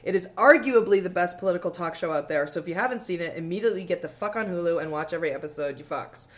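A woman's voice: on the low side, rapid-fire. A woman co-hosting a podcast in casual chat, laughing often and swearing freely. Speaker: podcast co-host.

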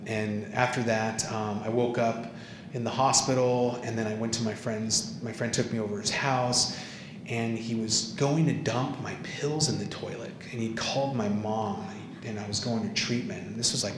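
A man's voice: fairly low pitch, fairly even intonation, moderate pace. A man telling a personal story in a rambling way, stringing events together one after another. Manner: rambling, piling up clauses with "and". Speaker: interviewee. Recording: roomy with background ambience.

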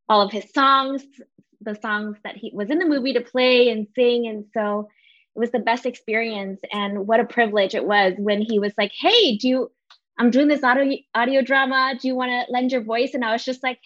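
A woman's voice: mid-range voice, a bit bright. A woman voice actor chatting enthusiastically on a panel, talking with many fillers. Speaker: voice actor on an after show panel. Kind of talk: casual chat. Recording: dull lo-fi sound.

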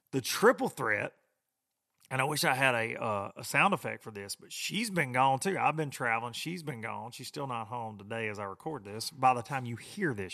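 A man's voice: medium pitch, bright, forceful tone. A middle-aged man, rambling and grumbling in a casual, folksy podcast monologue. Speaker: podcast host.

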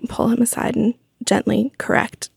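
A woman's voice: fairly high pitch, level tone, moderate pace, vocal fry, darkish tone, husky, dry recording, studio quality. A woman guest on a podcast, a food writer, chatting and telling anecdotes with a lot of "like". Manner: chatty, storytelling, lots of "like". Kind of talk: casual chat. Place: studio.

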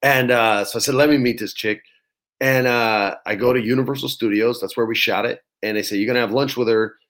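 A man, an actor, telling a story in casual chat, lively and swearing freely as he acts out quotes. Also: mid-range voice, a little fast. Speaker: actor guest.

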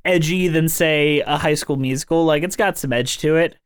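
A man's voice: on the high side, normal speed, clear, resonant tone, no echo, studio quality. A man co-hosting a casual podcast about musicals, chatty and jokey, swearing now and then and filling gaps with "like" and "um". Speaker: podcast co-host. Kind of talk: casual chat.

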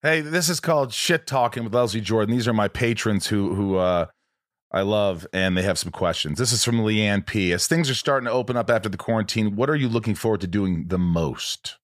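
A man's voice: fairly low pitch, a little fast, no echo. Male podcast host, casual and blunt, dry close recording. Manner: casual, blunt, swears freely. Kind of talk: casual interview chat.

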